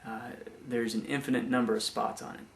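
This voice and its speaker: A young man giving a personal faith testimony, speaking haltingly with many restarts and repeated words. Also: medium pitch, flat delivery, reverberant. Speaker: former missionary giving testimony.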